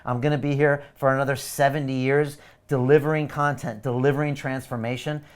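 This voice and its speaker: A man speaking a little fast, with a clean tone and medium pitch, pitches his course on a live webinar. As host, he's energetic and pushy, urging viewers emphatically to sign up.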